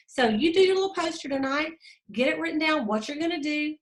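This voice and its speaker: A woman's voice: sits high, animated, brisk, rough recording. A woman hosting a motivational sales team call, upbeat and folksy, coaching her team. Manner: upbeat, pep-talk, folksy.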